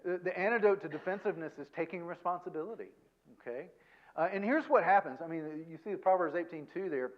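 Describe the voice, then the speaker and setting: A man giving a conversational seminar talk as a guest counselor, self-deprecating and tagging his points with quick check-ins to the audience. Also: high voice, lo-fi sound. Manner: chatty, self-deprecating, peppers points with "okay?" and "right?".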